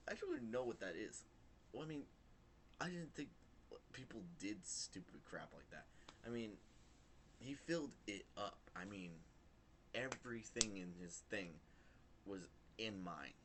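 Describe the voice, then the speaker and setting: Young man, very low voice, casual rambling vlog storytelling, filler-heavy, faint hiss behind. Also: a little slow, pauses often. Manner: rambling, animated retelling with many fillers. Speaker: vlogger.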